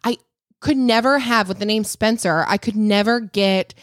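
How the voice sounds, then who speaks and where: A young woman chats casually as a podcast co-host, talking in an easy, reassuring way. Her pitch sits in the middle. The sound is dry and close to the mic. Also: normal speed, no room sound. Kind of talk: casual chat.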